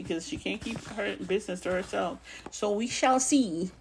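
A woman's voice: medium pitch, moderate pace, gravelly, slight background noise. A woman with a noticeable accent giving blunt, sassy, profane commentary in a casual vlog. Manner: has a non-standard accent of her own. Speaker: gossip commentary vlogger.

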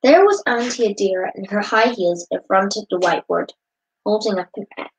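A woman reads a children's storybook aloud at home, in a middle-pitched voice. Her reading is plain and unpolished, with small slips along the way. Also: brisk, a little hiss or hum, rough recording. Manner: reading with occasional slips and laughs. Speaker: storybook reader.

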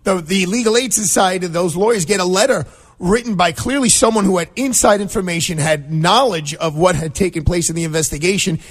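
A man's voice: high-pitched, fairly quick. A middle-aged man from Brooklyn, a defense attorney chatting as a call-in radio guest and acting out quoted voices as he tells stories. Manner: animated storyteller, acts out quotes.

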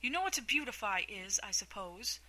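A blunt, scolding mythical beast from a storybook snaps out short remarks , voiced by a woman reader. The voice stays very bright. Its manner is impatient and brusque. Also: mid-range voice, big pitch swings, brisk. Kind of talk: storybook reading.

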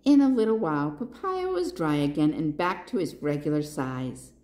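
Expressive woman reading a children's story. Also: low voice, moderate pace. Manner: expressive, asks the listeners questions. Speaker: library storytime reader. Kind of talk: children's read-aloud.

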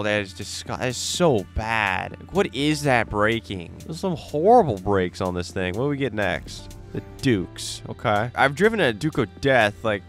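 A young man giving live commentary over his gameplay, complaining sarcastically with sudden high-pitched outbursts. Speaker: gaming YouTuber.

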